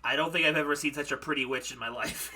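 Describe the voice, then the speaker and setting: Excitable male streamer, bright voice. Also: fairly high pitch, fast talker, slight background noise, rough recording. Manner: excitable, loud bursts of reaction and laughter. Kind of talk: live game playthrough commentary.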